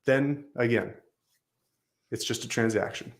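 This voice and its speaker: A man's voice: mid-range voice, measured pace. A man speaking as a guest on a business talk show, telling a story with emphatic repetition. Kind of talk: storytelling in conversation.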